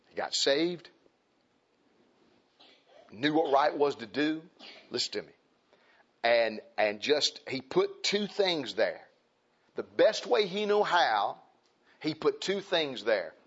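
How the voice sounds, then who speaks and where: A man preaches in a plain, conversational way, driving points home by repeating himself. He rises loud and high for emphasis, then drops to quiet, low asides. His voice sits at an ordinary middle pitch on a dull, lo-fi recording. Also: expressive, slow, pauses often, husky. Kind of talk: conversational sermon.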